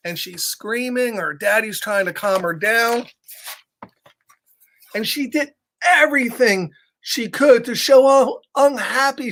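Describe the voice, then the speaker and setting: A man reading a picture book aloud to young children, with animated, chatty asides to his listeners. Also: high voice. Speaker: storytime reader for children.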